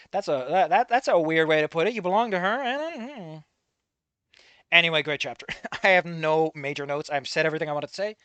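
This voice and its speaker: Animated, sarcastic story reader. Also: medium pitch, a little fast, dry recording, lo-fi sound. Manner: animated, sarcastic, swears, breaks off mid-reading to comment. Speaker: fanfic reader and reviewer. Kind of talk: reading a story aloud with running commentary.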